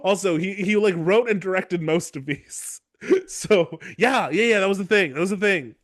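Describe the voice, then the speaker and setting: A man co-hosting a casual podcast, excitedly retelling a movie plot and acting out its lines with frequent laughter. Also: high-pitched, normal speed, dry recording, clean studio sound. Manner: excitable storyteller, acts out lines, laughs often. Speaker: podcast co-host.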